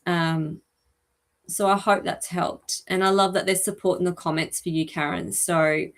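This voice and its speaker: A woman hosting a live stream as an animal communicator, talking gently and chattily with many ums and asides. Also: on the low side, fairly even intonation, measured pace. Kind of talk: live-stream reading for viewers.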